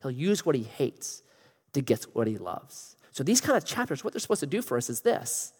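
A middle-aged man preaching a sermon as pastor, animated and joking, acting out quotes in other voices. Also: medium pitch, normal speed, slightly rough. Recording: long reverb of a large hall.

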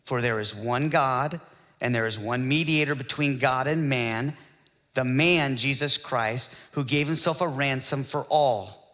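A male pastor preaching a sermon, building to excited rhetorical questions and calls to the congregation. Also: mid-range voice, a little slow, long reverb tail.

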